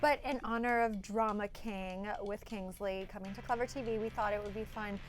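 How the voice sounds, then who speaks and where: A woman's voice: medium pitch, fairly even intonation, moderate pace, faint music behind. A woman co-hosting an interview, upbeat and enthusiastic. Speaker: co-host. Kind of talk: show host interview.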